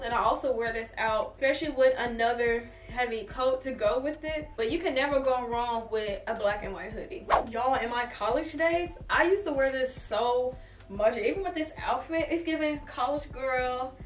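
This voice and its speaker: A young woman chatting casually to her viewers in a try-on haul, animated and talkative. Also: high-pitched, normal speed, recorded from a distance. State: has hiccups. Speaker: fashion vlogger. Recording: echoey room, voice away from the mic, faint music.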